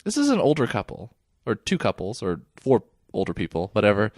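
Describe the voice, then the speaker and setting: A man co-hosting a podcast in casual chat, animated and laughing often, trailing off mid-sentence. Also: on the low side, fairly quick, no echo, studio quality. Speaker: podcast co-host.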